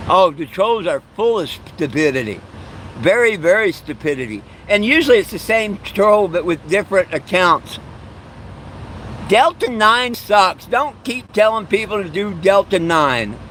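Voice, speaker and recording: A man's voice: high-pitched, sing-song, unhurried, a bit bright, a little hiss or hum. Combative man answering trolls on a live stream. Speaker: livestream host. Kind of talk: live stream chat, reading comments.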